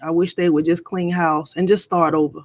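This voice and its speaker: A woman's voice: fairly low pitch, flat delivery, moderate pace, darkish tone, no echo. A middle-aged woman hosting a casual live stream, chatting and playfully teasing viewers.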